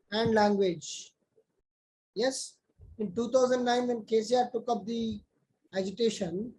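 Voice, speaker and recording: A man's voice: high voice, a little mellow, poor audio. A man teaching an online class, talking conversationally and calling on students by name.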